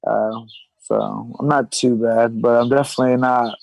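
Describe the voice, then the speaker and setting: A man in his thirties chatting as a podcast guest, spinning stories in a loose, rambling way with plenty of restarts. His voice sits at an ordinary middle pitch, and the sound is dry and close with almost no room around it. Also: steady tone, moderate pace, gravelly, a little mellow, no room sound, low-quality recording. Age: 30s. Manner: rambling storyteller, trailing fillers and restarts. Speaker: podcast guest, retired pro fighter. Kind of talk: casual chat.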